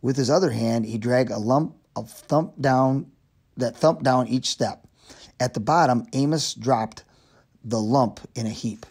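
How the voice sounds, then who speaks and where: Male reader, children's chapter book, steady mid-pitched narration. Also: unhurried, husky. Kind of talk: reading a children's novel aloud.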